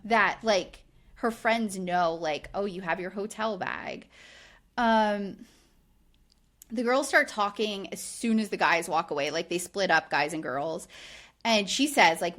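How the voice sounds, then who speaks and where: A woman's voice: mid-range voice, measured pace. A woman co-hosting a podcast, chatting casually with lots of "like" and acted-out quotes. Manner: animated, frequent "like", acts out quoted lines. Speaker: podcast co-host. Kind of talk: casual recap chat.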